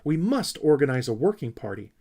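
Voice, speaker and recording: A man's voice: on the high side, big pitch swings, fairly quick, warm tone, pitched above the performer's own voice. A man doing a pompous, bossy little Snork. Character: fussy self-important young male Snork creature.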